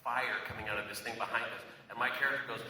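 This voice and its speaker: A man's voice: medium pitch, steady tone, fast talker, sharp tone. A man answering fan questions at a convention in a chatty, playful way, often laughing. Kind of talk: casual live Q&A. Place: large convention hall. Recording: echoey hall, far-off mic, noisy.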